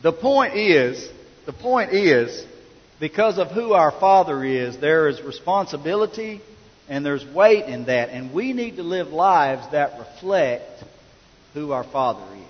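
A man's voice: a little high, animated, unhurried, in a large hall, highs cut off. A middle-aged man preaching a sermon in a folksy, conversational storytelling manner. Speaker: pastor.

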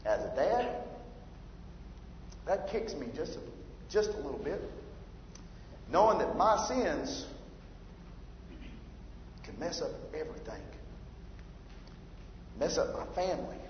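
A man's voice: fairly high pitch, big pitch swings, slow pace, long pauses, a little hiss or hum. A man preaching a sermon, emphatic and rising in force when he reads scripture. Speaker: pastor. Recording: roomy hall reverb, dull lo-fi sound.

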